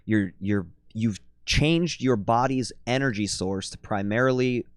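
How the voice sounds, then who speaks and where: A man who coaches fitness and nutrition, talking bluntly and swearing freely in a relaxed podcast chat. His voice sits at a middle pitch. The sound is close and dry, with no room echo. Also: unhurried, smooth.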